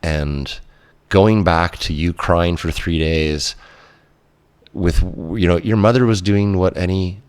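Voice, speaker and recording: A man hosting a podcast interview, talking slowly and reflectively, gently affirming his guest. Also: sits low, fairly even intonation, clean tone, no room sound. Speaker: podcast host. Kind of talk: conversational interview.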